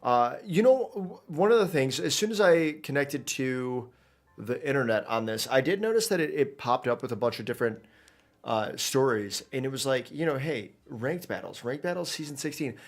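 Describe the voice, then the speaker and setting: A man's voice: mid-range voice, lively intonation, moderate pace, faint music behind. A man streaming a video game, talking casually and rambling with lots of fillers and restarts as he plays. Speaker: gaming streamer. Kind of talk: casual live gameplay commentary.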